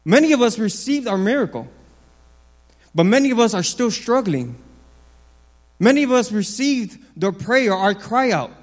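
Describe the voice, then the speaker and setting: With a high, sing-song voice, a man preaches a sermon at a moderate pace, leaving long pauses, in a large hall with a long reverb tail. He hammers his message through repetition, moving between loud, lifted phrases and soft, low ones.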